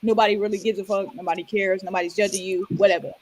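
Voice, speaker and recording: A woman co-hosting a podcast, telling a story in relaxed, chatty casual talk. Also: medium pitch, fast talker, a little hiss or hum, low-quality recording. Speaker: podcast co-host. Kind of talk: casual chat.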